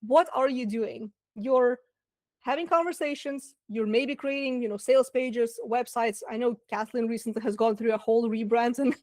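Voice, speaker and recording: A chatty woman with a Russian accent coaching a live online class, her voice sitting a little high. She talks loosely, with fillers and side remarks. The sound is dry and close, with no room around it. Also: fairly even intonation, moderate pace, darkish tone, dry recording. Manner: chatty, lots of fillers and asides. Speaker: business coach. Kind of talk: webinar masterclass talk.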